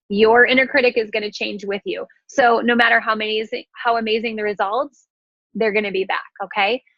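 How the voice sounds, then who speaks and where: A woman leading her sales team in an energetic, frank motivational talk, with a casual swear here and there. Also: a little high, no echo. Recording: dry, slightly dull recording.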